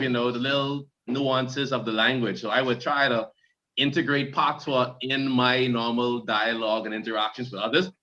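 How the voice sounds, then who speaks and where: Bahamian panelist in his forties; measured, reflective talker with a bright, sharp voice on a muffled recording. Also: medium pitch. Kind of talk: panel discussion. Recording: dull lo-fi sound.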